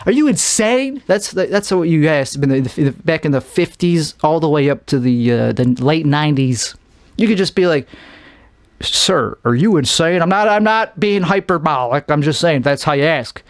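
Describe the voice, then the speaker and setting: A man's voice: fairly high pitch, moderate pace, no room sound, clean studio sound. A man hosting his own podcast, rambling jokily through a solo monologue and acting out lines in put-on voices. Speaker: podcast host.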